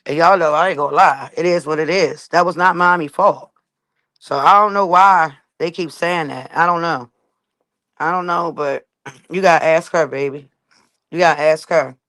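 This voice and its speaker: A woman's voice: low voice, normal speed, fairly bright tone. A woman speaks straight to her viewers, telling her own story in a blunt, emphatic way with plenty of swearing. The recording is dry and close, with no room echo.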